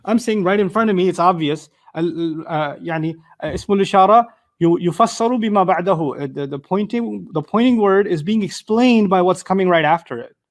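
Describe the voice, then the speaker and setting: A man teaching a Quran commentary lecture, talking conversationally with everyday examples and quick Arabic recitations. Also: high-pitched. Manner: conversational, explains with everyday examples and repeated restarts. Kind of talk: tafsir lecture.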